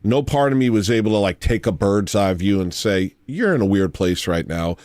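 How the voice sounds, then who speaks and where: A man with a very low voice recounts a personal story, rambling and halting but earnest. The sound is dry and close, with no room around it. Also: animated, darkish tone, dry recording. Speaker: clip of another streamer. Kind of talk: confessional monologue.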